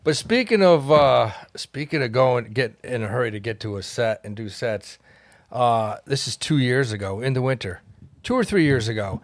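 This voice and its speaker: Gravelly man rambling through a story. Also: medium pitch, lively intonation, moderate pace, no echo. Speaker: comedian, podcast co-host. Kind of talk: casual storytelling chat.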